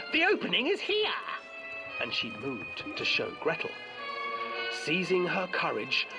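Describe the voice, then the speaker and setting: Man, scripted fairy-tale narration, hushed and ominous, slow, gravelly, game music behind. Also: medium pitch, rough recording. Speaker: storyteller narrator.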